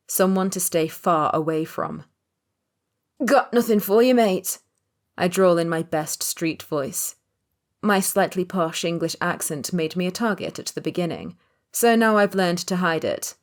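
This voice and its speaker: Low-voiced woman narrating an audiobook. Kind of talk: first-person scripted narration.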